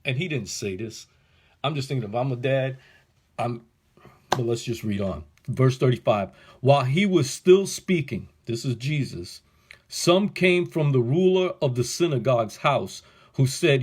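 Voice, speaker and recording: A male pastor works through a Bible passage verse by verse in a mid-range, unhurried voice with a breathy edge. He starts out casual and slangy, grows animated, and builds into fervent preaching.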